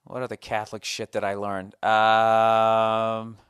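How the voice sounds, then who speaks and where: Man ranting on his podcast, smooth voice, dry close mic, profane and sardonic. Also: on the low side, monotone, slow, a bit bright, no echo. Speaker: podcast host. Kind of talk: casual ranting monologue, reading listener mail.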